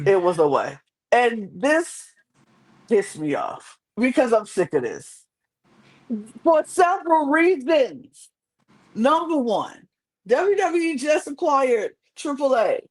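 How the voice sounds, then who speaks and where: A woman co-hosting a podcast rants indignantly and emphatically in a heated, casual recap, repeating phrases for effect. Her high-pitched voice swings widely in pitch, and she goes slowly with long pauses. The recording is low quality.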